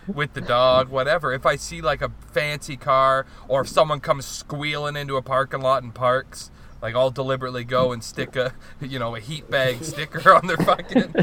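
A man's voice: mid-range voice, sharp tone. A young man telling a story in casual chat, rambling with lots of "like", laughing and swearing as he goes.

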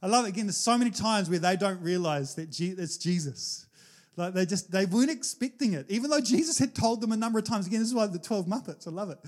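A male pastor, preaching a conversational, animated sermon full of asides. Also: high-pitched, quick pace.

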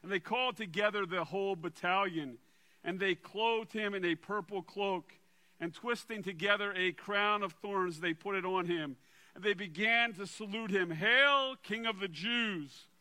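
A man preaching a sermon and reading scripture aloud in a dramatic way, dropping to a quiet low voice for emphasis. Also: moderate pace. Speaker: pastor.

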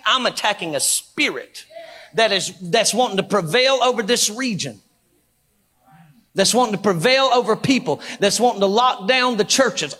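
A man preaching a Pentecostal sermon in a church, fervent and rhythmic, building to shouts with repeated phrases. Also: sits high, big-room sound. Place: church sanctuary.

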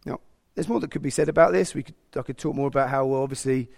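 A man preaching a sermon, animated and sometimes speaking God's thoughts aloud. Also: mid-range voice, fast talker, creaky. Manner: animated, acts out God's inner voice.

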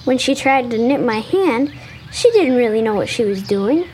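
A woman's voice: on the high side, animated, normal speed, darkish tone, slight background noise, natural voice. A woman voicing an earnest, kind-hearted young boy in a radio drama, talking expressively. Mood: gentle.

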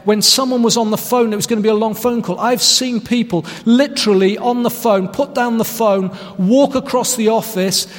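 A man's voice: very high-pitched, steady tone, moderate pace, hardly any pauses, in a large hall. A man preaching a sermon, telling a self-mocking story and stressing key phrases. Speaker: pastor.

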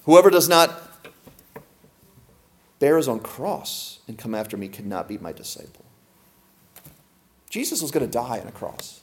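A man's voice: lowish voice, big pitch swings, normal speed, long pauses, a little mellow, a little hiss or hum. A man preaching a sermon to a congregation, emphatic and full of rhetorical questions. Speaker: pastor.

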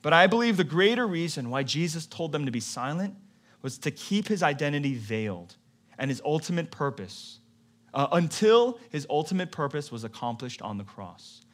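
A male pastor giving a sermon in a conversational way, moving between quiet, low passages and emphatic, louder ones. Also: big pitch swings, moderate pace.

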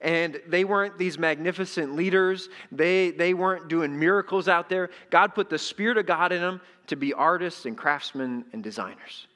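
A man's voice: high voice, moderate pace, few pauses, pushed and bright. A middle-aged male pastor preaching a sermon in a conversational way, often asking the congregation questions. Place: church sanctuary. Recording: echoey hall.

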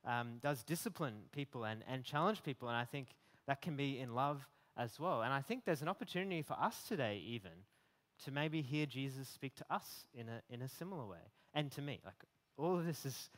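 A man preaching a sermon in a conversational way, with many fillers and restarts, getting animated at times. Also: mid-range voice, big-room sound. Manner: animated when voicing imagined rebukes.

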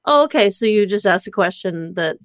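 A woman's voice: medium pitch, expressive, a little fast, no echo. A woman in a casual podcast chat with a dry, teasing manner.

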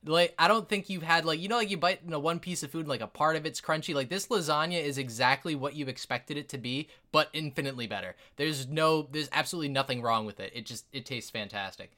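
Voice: medium pitch, fast, hardly any pauses, sharp tone. A game master narrating a tabletop game in a rambling way, with frequent laughter.

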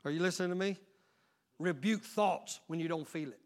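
High-voiced man preaching a sermon. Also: a little fast. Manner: emphatic preaching, swinging between loud exhortation and quiet asides; frequent call-outs to the congregation. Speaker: pastor.

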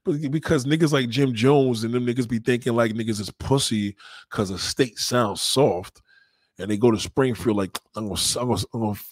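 A young man chatting casually with viewers on a livestream, rambling in profane street talk and giving shout-outs. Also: medium pitch, normal speed, no room sound. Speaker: livestream host.

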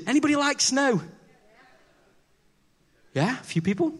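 Lively preacher, high voice. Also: male voice, moderate pace. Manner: chatty, self-deprecating, acts out dialogue with the congregation. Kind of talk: conversational sermon with humorous stories. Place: church before a congregation.

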